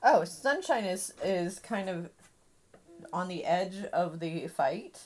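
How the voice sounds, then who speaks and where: A woman at a tabletop game describes her character's moves in the third person. She speaks in a lower, relaxed voice. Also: slow pace, a little hiss or hum. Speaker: player. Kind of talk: casual tabletop game play.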